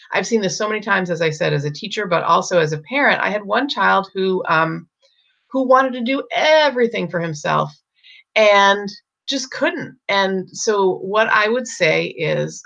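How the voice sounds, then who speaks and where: A woman's voice: medium pitch, gravelly, fairly bright tone. A woman in middle age giving casual parenting advice, thinking aloud with many ums and restarts. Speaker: parenting coach. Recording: dull lo-fi recording.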